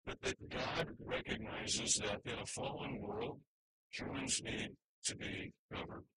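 Male pastor, mid-pitch, bright and forceful tone, emphatic sermon delivery, faint background noise. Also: huge pitch swings, a little slow, rough recording. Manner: earnest, emphatic preaching with restarts.

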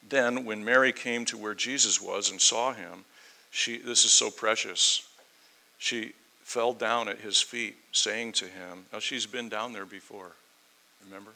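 Guy preaching through a bible passage, low gravelly voice w/ a sharp bright edge, goes loud then real quiet. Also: fairly even intonation, moderate pace, low-quality recording. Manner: reads scripture then explains it conversationally, dynamic swings between loud and quiet. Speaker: pastor. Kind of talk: sermon, verse-by-verse Bible teaching.

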